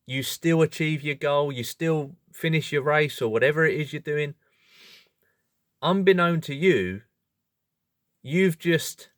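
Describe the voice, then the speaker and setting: A man hosting a video, explaining in a casual monologue, animated and self-correcting, often breaking into laughter. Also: a little high, no echo, studio quality. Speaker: video host.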